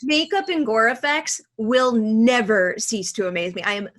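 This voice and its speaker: A woman's voice: fairly high pitch, moderate pace, a bit bright. A woman interviewer asking questions in a friendly, conversational way.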